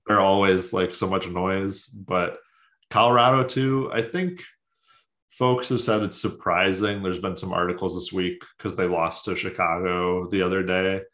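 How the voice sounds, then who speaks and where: A man's voice: deep voice, steady tone, measured pace, fairly bright tone. A man co-hosting a casual sports chat, rambling with lots of fillers and offhand jokes. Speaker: podcast co-host.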